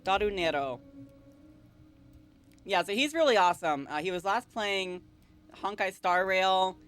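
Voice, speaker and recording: A chatty, giggly woman streamer who talks to her chat while reading game dialogue aloud. She speaks at a mid pitch, with faint game music in the background. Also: measured pace, fairly bright tone. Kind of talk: casual live game stream.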